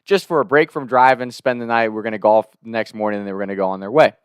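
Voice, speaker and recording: A man's voice: lowish voice, fast talker, clear, resonant tone, no echo, clean studio sound. Laughing young man telling a story. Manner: animated, laughing, swears freely. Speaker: storyteller host. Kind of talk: casual comedic storytelling.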